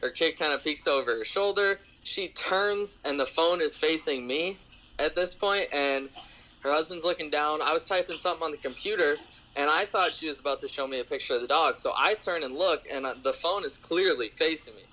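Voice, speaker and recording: A man's voice: on the high side, a little fast, bright, forceful tone, rough recording. A man, a podcast guest who sells cars, telling a rambling story in a laid-back, chuckling way. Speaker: podcast guest, car salesman. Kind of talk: casual storytelling.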